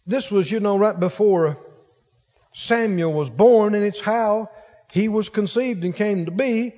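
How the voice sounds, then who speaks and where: A man's voice: sits high, measured pace, in a large hall, dull audio. A man preaching a sermon as pastor, acting out the voices of the people in his stories. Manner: animated preaching, acts out quoted voices.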